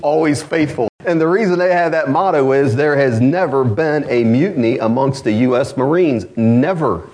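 A man preaching a sermon to his congregation, animated and asking rhetorical questions. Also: mid-range voice, moderate pace, few pauses. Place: church congregation.

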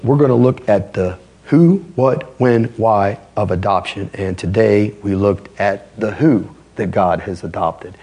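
Gravelly-voiced man preaching. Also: on the low side, measured pace, hardly any pauses, dark tone. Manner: emphatic, conversational preaching. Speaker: pastor. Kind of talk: sermon.

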